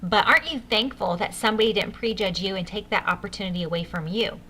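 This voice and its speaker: A woman's voice: medium pitch, fast talker, bright, forceful tone, a little hiss or hum. A woman leading a sales training session for new consultants, upbeat and coaching, speaking straight to her listeners. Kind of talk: enthusiastic sales training talk.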